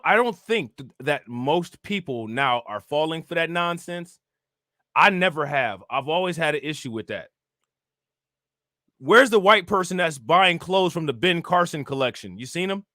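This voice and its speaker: A young man with a fairly high, expressive, sharp-toned voice speaks at normal speed in a dry, studio-quality recording. He's a livestream political commentator in a casual rant, swearing and reacting to his chat with a barrage of repetitive rhetorical questions.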